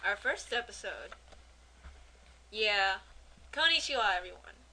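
Bright-voiced young woman, blunt and offhand. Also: medium pitch, expressive, a little slow, poor audio. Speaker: podcast co-host. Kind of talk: casual podcast chat.

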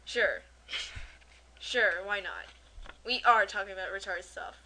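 A woman's voice: mid-range voice, measured pace, pushed and bright, rough recording. A young woman co-hosting a podcast, talking casually in a dry, teasing way with lots of fillers. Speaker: podcast co-host. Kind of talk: casual chat.

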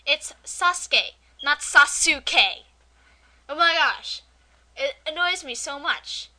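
A young woman co-hosts a casual amateur podcast, talking in a high voice. Her tone is very bright and sharp. She chats fast and easily slips into animated rants. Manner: chatty, animated, quick to rant. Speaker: podcast co-host.

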